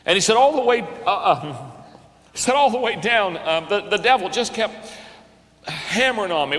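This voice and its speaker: A man's voice: high voice, sing-song, normal speed, a bit bright. An older man preaching as a pastor, telling a story in an earnest manner and repeating phrases when stirred. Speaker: pastor and leadership speaker. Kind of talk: storytelling sermon talk. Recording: long hall reverb.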